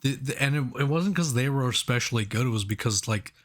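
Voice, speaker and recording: Young male co-host, mid-pitched, loose rambling delivery with laughs. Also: expressive, brisk, noisy background. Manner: rambling, laughing, restarts often. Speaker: podcast co-host. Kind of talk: casual movie review chat.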